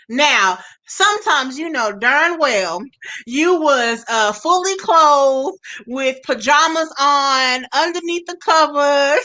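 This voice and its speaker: A woman's voice: sits high, expressive, slow, pushed and bright. A woman in her forties hosting a radio show, chatting casually, laughing often and talking straight to her listeners. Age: 40s. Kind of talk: casual chat.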